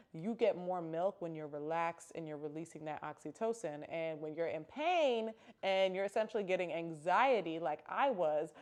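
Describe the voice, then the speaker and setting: A woman's voice: fairly low pitch, a little mellow. A young woman telling a personal story in a casual, candid vlog, with emphatic exclamations. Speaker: vlogger.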